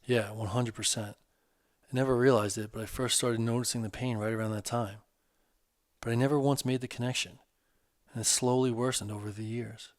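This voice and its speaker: A man voicing a divorced man in middle age opening up earnestly about an old hurt, in casual, halting speech. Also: medium pitch, fairly even intonation, no echo, studio quality, lightly acted.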